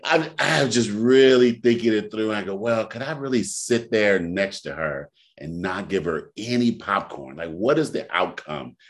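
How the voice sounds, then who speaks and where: A man co-hosting a casual podcast, telling stories in an animated way and breaking into loud laughter. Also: on the low side, measured pace, hardly any pauses. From Sacramento area. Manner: animated storyteller, bursts into shouting laughter. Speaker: podcast co-host. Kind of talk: casual storytelling chat.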